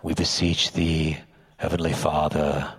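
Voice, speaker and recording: A preacher putting on the lofty, archaic prayer voice of an old-fashioned churchman, slow and drawn-out. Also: rumbling low, little pitch movement, breathy edge, pitched below the performer's own voice, heavily acted. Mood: solemn. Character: pompous old-fashioned man praying in lofty King James style.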